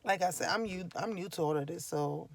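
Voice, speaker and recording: A new vlogger chatting casually to the camera, rambling with fillers and trailing off softly. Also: medium pitch, brisk, vocal fry, dry recording.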